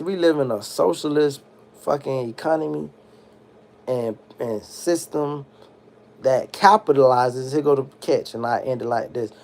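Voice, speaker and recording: A drunk American man ranting on a livestream, heated and swearing a lot. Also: mid-range voice. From United States. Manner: loud, heated, swearing, animated. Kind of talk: profane livestream rant.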